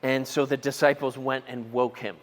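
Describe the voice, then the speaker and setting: A middle-aged man preaching a sermon as pastor, animated storytelling, acting out quotes and asking the room questions. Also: mid-range voice, moderate pace. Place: church auditorium. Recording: long reverb of a church hall.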